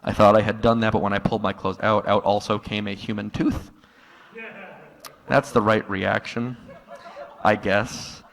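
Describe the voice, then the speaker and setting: Guy doing standup in a live room, deadpan then blowing up, echo hangs in the hall. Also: lowish voice, normal speed, gravelly, long pauses. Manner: deadpan storytelling that jumps to loud exasperated outbursts. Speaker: stand-up comedian. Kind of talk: stand-up set. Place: live comedy room with an audience.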